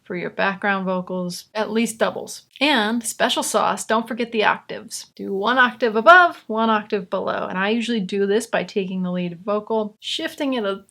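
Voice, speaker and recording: A young woman explaining how she records and layers vocals, in a chatty, relaxed way with asides. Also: mid-range voice, moderate pace, gravelly, few pauses. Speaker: vocal producer teaching. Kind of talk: casual tutorial explanation.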